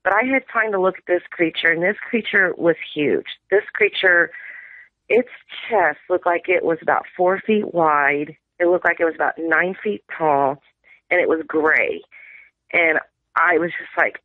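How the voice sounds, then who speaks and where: A woman's voice: fairly low pitch, normal speed, dry recording. A middle-aged woman calling in, rambling through a long story and quoting her family in dialogue. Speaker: caller sharing an encounter. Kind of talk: phone-in storytelling. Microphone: phone. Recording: tinny dry phone line.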